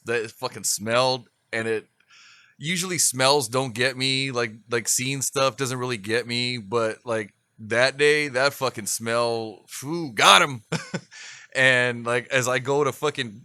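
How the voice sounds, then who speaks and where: A man's voice: mid-range voice, fairly even intonation, unhurried, pushed and bright, clean tone, no room sound, studio quality. A man co-hosting a podcast, telling a rambling, profane story and laughing often. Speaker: podcast co-host. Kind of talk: casual chat.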